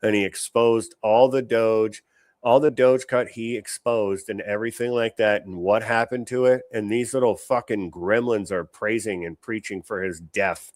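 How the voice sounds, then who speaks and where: A man's voice: fairly low pitch, fairly even intonation, moderate pace, a little mellow, no room sound, clean studio sound. A man hosting a show, giving blunt, opinionated reaction commentary on clips, swearing often and restarting his sentences.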